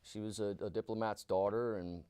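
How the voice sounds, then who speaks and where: A man's voice: lowish voice, fairly even intonation, fairly quick, warm tone, smooth, no room sound. A man and stand-up comedian, first answering interview questions, then doing a profane, rambling, self-mocking set in a small comedy venue on a handheld mic. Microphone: handheld stage mic.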